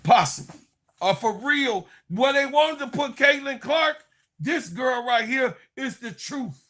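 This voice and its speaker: A man's voice: extremely high pitch, expressive, measured pace, a bit bright. A man giving a heated, profane sports commentary rant, mocking and laughing.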